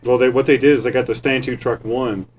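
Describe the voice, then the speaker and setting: A man's voice: medium pitch, steady tone, fairly quick, a little hiss or hum. A man, an army veteran, chatting in a laid-back way and adding details to a shared memory, swearing casually. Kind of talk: casual chat.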